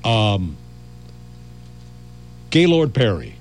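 A man's voice: on the low side, huge pitch swings, very slow, soft background music. An older man, a veteran radio host, telling rambling stories and often breaking off mid-phrase. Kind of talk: anecdotal storytelling.

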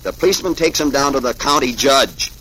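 A man's voice: mid-range voice, expressive, a little fast, sharp tone, slight background noise, rough recording. A man, reading comic strips aloud to a child in a chatty, folksy way. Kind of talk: folksy read-aloud storytelling.

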